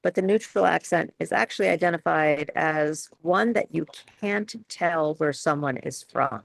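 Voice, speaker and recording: Gravelly New York woman coaching voices. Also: sits low, moderate pace, dry recording. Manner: chatty, laughing often, many restarts. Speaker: speech coach. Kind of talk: webinar Q and A.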